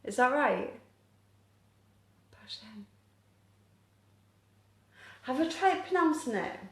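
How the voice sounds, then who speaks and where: A woman's voice: high-pitched, very animated, moderate pace. A woman chatting casually on a live stream, reading viewer comments aloud and answering questions about her hobby in a self-deprecating, apologetic way. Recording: echoey room.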